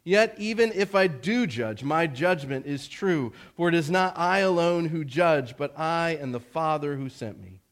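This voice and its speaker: A man reading aloud the words of a calm, authoritative male teacher in a measured, plain way. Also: a little high. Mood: solemn.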